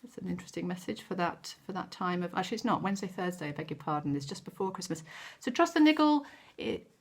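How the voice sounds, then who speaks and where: A woman giving a gentle, encouraging weekly card reading, with frequent ums and self-corrections. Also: lowish voice, fast talker, slightly rough. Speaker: tarot card reader.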